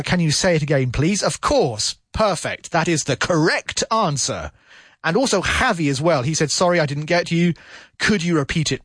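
A man hosting a radio English lesson, patiently repeating phrases slowly to demonstrate pronunciation. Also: on the high side, a bit bright, no room sound. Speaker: English teacher and show host.

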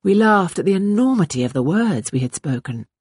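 A woman narrating a novel in the first person, in a measured, intimate reading style. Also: fairly low pitch, big pitch swings, darkish tone, breathy edge, no room sound, clean studio sound. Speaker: audiobook narrator. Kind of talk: scripted narration.

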